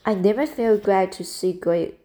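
A woman voicing an earnest, gently scolding young woman in an amateur audiobook reading, in a soft, earnest manner. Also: mid-range voice, normal speed, lightly acted.

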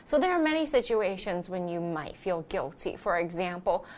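A woman's voice: lowish voice, big pitch swings, moderate pace, a little mellow. A woman co-hosting an English lesson, explaining casually and chiming in with short, friendly comments. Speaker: English teacher co-host.

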